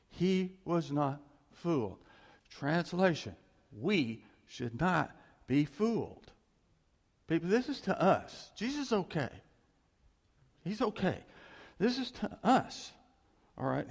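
A male preacher giving a conversational, animated sermon and often chuckling as he talks. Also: on the high side, creaky.

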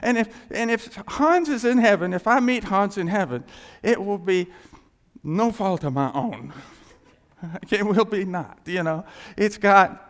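An older man preaching a sermon and telling a folksy, animated personal story. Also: sits high, a little slow, big-room sound.

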